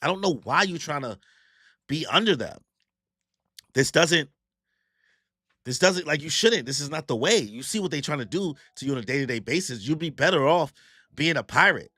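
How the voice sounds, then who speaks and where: Brash slangy male pirate captain, bright tone, as a man puts him on. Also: fairly high pitch, expressive, moderate pace, pauses often, slightly rough, no echo, studio quality, full character voice. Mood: persuasive. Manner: slangy, swaggering.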